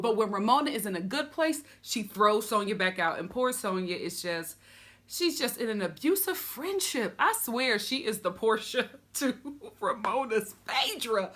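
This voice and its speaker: Woman, comedic TV recap host; high, lively, bright voice; sassy and quick to laugh. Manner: sassy, animated, laughs often.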